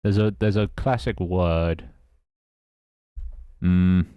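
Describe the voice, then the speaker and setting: Low-voiced British man muttering as he codes. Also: steady tone, takes it slowly, smooth, no room sound, highs cut off. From Britain. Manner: muttering and swearing at his code, chatting with viewers. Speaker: streamer. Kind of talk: casual live-stream chat while coding.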